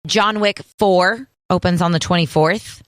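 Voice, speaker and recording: A woman co-hosting a radio show, running through items in a brisk, list-reading way. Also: on the low side, no echo. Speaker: radio co-host. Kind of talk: morning radio show chat.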